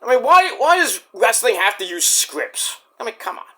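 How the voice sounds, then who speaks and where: A male wrestling vlogger rants in a rambling, animated way, breaking into sudden shouts. His voice is bright and fairly high, and it swings widely in pitch. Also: moderate pace. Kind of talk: casual ranting review.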